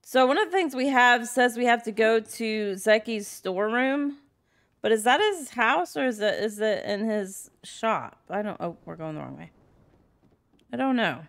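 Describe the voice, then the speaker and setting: A woman's voice: a little high, lively intonation, moderate pace, a bit bright. Chatty woman narrating her gameplay. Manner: chatty, giggly, reads character lines aloud in her own voice. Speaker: gameplay video host. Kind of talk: casual let's-play commentary reading dialogue aloud.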